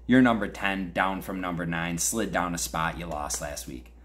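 A man's voice: low voice, fairly even intonation, moderate pace, a bit bright. A young man with a Western New York accent hosts a podcast, trash-talking his fantasy football league in a crude, mock-angry rant. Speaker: podcast host.

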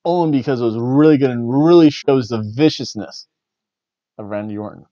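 A man reviews wrestling in casual chat, wandering off on wry, jokey tangents. His voice sits at a middle pitch. The recording is dry and a little dull, like a home lo-fi setup. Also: expressive, fairly quick, mellow, no echo. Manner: wry, rambling, jokey asides. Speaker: wrestling review podcast host.

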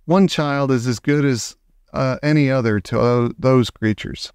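A man's voice: medium pitch, measured pace, darkish tone, smooth, no echo, studio quality, lightly acted. A man reading a storybook aloud, voicing a protective elderly grandmother who speaks firmly and reassuringly. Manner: firm, reassuring.

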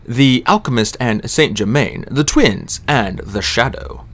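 A man voicing a tall, elegant older Italian schemer in an audiobook, speaking softly and mildly in a measured way. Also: medium pitch, lively intonation. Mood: smooth. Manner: soft, mild, measured.

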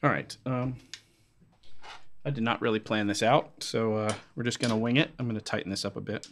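A man's voice: lowish voice, steady tone, fairly quick, fairly bright tone, slight background noise. A man hosting an unscripted drum vlog from his studio, sweaty and out of breath, talking in a loose, rambling way with many fillers. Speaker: drummer and channel host.

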